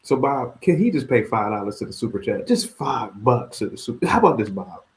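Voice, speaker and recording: Man ranting on a call-in panel, pitch swinging up and down, repeats himself, casual and heated. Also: very animated, fairly quick. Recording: online livestream call.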